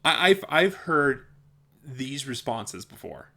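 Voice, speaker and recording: A man's voice: medium pitch, sing-song, takes it slowly, vocal fry, sharp tone. A young adult man with a mild speech impediment, vlogging in a blunt, exasperated way and laughing between points. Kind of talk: casual opinion vlog.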